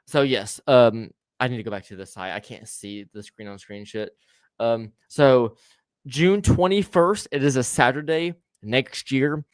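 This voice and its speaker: A man's voice: medium pitch, a little slow, clear, resonant tone, dry recording, studio quality. A man hosting a podcast, chatting casually with a stutter, lots of swearing and easy laughter. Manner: stuttering, profane, laughs easily. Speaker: podcast host.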